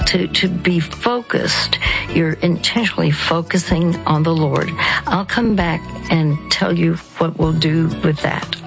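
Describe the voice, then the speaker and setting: A woman giving faith counseling in slow, gentle speech, pausing and restarting as she goes. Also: lowish voice, poor audio. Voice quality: husky. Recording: faint music behind.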